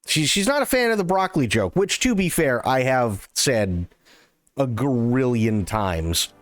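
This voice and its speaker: A man streaming live, telling a long joke and thanking viewers in an excitable, animated way. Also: on the high side, moderate pace, dry recording.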